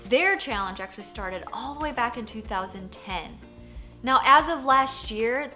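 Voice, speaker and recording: A poker journalist in her thirties tells a story in a vlog, her voice a little high. She's animated, says "like" constantly, and acts out her own reactions.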